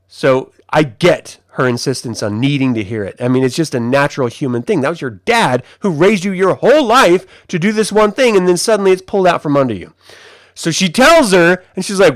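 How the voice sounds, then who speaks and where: A man giving a casual spoken review of a TV episode, animated and profane, rambling with lots of fillers. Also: a little high, brisk, no echo.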